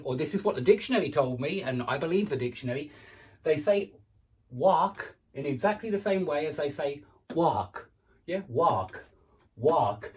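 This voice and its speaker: A man with a British accent giving a casual pronunciation lesson, chatting and repeating words slowly to model the sounds. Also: a little high, rough recording. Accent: British English. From United Kingdom. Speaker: English teacher.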